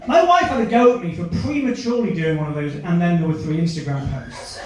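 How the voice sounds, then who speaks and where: A man performs stand-up, bantering with people in the crowd. His voice sits high. The sound is caught from off the stage in a very echoey club. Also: lively intonation, a little fast, darkish tone, far from the mic. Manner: chatty, chases audience members with questions. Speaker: stand-up comedian. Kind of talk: stand-up set with crowd work.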